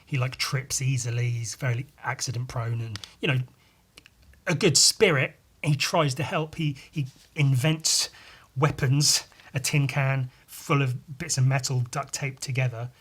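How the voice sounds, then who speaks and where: Husky man rambling casually. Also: medium pitch, steady tone, measured pace, fairly bright tone. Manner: rambling, many fillers and restarts. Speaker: podcast host, comic artist. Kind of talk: casual chat.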